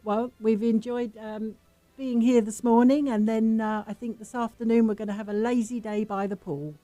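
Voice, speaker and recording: A woman's voice: on the high side, fairly even intonation, normal speed, warm tone, no room sound, faint music behind. A woman co-hosting a radio show, chatting with callers in a polite put-on British manner. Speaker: radio co-host and judge. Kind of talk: radio call-in chat.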